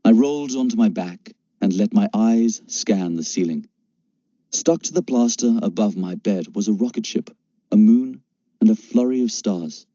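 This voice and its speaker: A male audiobook narrator reads a first-person story with steady storytelling at a moderate pace. His very dark, somewhat husky voice sits on the low side, and the recording sounds dull, dry and lo-fi.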